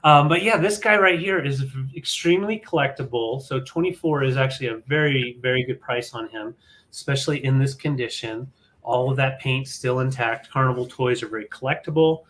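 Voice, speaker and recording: A man's voice: mid-range voice, brisk. Easygoing man auctioning vintage toys. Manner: relaxed, filler-heavy, auction patter. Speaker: live sale co-host. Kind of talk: casual live sale chat.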